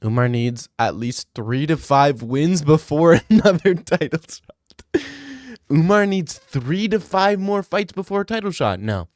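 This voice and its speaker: A man's voice: fairly high pitch, lively intonation, measured pace, darkish tone, no echo, clean studio sound. A young man streaming and reading out viewer messages in casual chat, laid-back and blunt, swearing freely.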